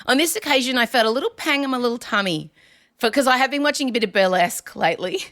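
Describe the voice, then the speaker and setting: A woman hosting a podcast in casual chat, animated and quick to laugh, reading posts aloud with drama. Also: a little high. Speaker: podcast host.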